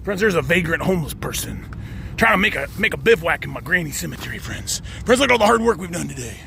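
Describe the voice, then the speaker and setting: A man's voice: on the high side, very animated, quick pace, creaky, bright, forceful tone, a little hiss or hum. A man vlogging outdoors at a cemetery in a folksy way, working "friends" into nearly every sentence. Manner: folksy, says "friends" constantly. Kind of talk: outdoor character vlog.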